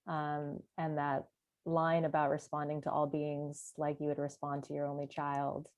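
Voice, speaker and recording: A woman sharing in a meditation group, halting and searching for words, with many fillers. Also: low voice, completely flat delivery, a little mellow, no echo. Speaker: retreat participant sharing.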